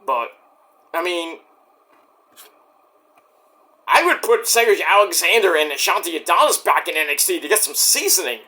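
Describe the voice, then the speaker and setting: High, bright-voiced man ranting casually. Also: animated, a little fast. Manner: profane, rambling, acts out quoted voices. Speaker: wrestling commentary vlogger. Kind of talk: casual rant.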